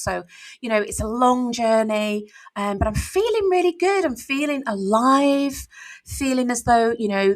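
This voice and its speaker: Candid middle-aged woman. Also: medium pitch. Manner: open, reflective, leans on "you know". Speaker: author and podcast co-host. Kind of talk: casual podcast chat.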